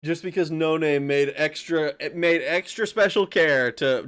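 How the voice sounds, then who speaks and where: A man's voice: a little high, measured pace, fairly bright tone, clear, resonant tone. A man streaming a game, chatting casually with his viewers, reading out chat, laughing and swearing, with frequent restarts.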